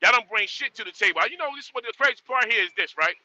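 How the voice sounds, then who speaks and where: Blunt, bright-voiced man ranting on a stream. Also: extremely high pitch, animated, very fast, lo-fi sound. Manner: blunt, repetitive, scolding. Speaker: livestream host. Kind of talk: ranting live stream monologue.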